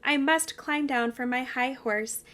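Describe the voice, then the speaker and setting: Brief: a woman voicing a reserved young pioneer woman, gentle and earnest, high voice. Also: unhurried.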